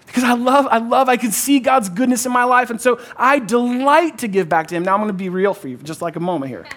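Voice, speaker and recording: Guy preaching a sermon, kinda high voice, casual "like" and "kinda", repeats phrases, gets the crowd to call back. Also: fast talker, fairly bright tone. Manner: emphatic, repeats key phrases, calls for audience response; conversational, uses "like" and "kinda". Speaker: pastor.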